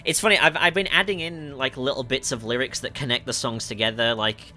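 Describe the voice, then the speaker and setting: Reading questions from chat in a livestream Q&A, this music producer from the north of England speaks with a Northern English accent. His medium-pitched voice is steady and brisk with a bright, forceful tone, and he laughs often, correcting himself with lots of ums.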